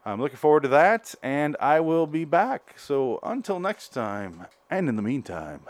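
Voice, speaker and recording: A man's voice: a little high, big pitch swings, measured pace, dry recording. A man hosting a solo podcast, reviewing an episode in a rambling, joking way that keeps correcting itself. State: out of breath. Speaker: podcast host.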